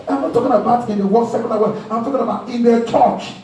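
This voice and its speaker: Male pastor, high voice with a mellow tone, preaching in a big echoey church from a distance from the mic. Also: fairly even intonation, fast talker, hardly any pauses. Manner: preaching with acted quotes and pidgin asides. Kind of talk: sermon. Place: church hall. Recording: very echoey hall, mic far off.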